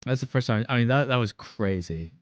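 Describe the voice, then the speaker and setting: A man's voice: mid-range voice, animated, brisk, no room sound, lo-fi sound. A man chatting casually on a live stream, joking and filling gaps with ums. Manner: joking, many filler ums, laughs often. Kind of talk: casual chat.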